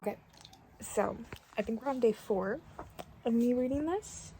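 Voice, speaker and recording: Over loud music and washing machine noise, a young woman shares casual reading updates as a book vlogger at home while doing laundry. She's chatty and gushing, full of fillers, with a fairly high, expressive voice and an unhurried pace, in a noisy home recording.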